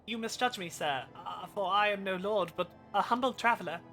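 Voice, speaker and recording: Brief: streamer reading a courteous young noble traveler, formal, bright voice. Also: mid-range voice, brisk, soft background music. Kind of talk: reading game dialogue aloud.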